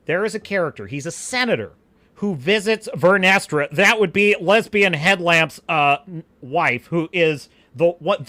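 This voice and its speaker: A man hosting a livestream podcast, ranting with passion and tripping over his own restarts. His voice sits a little high and bright, and his pitch swings widely as he stresses each point. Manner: emphatic, passionate, frequent restarts. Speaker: podcast host. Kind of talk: livestream commentary rant.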